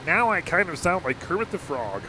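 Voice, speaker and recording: Brief: cheerful cartoon frog puppet put on by a man, nasal and chirpy, swooping pitch. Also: very animated, a little fast, background noise.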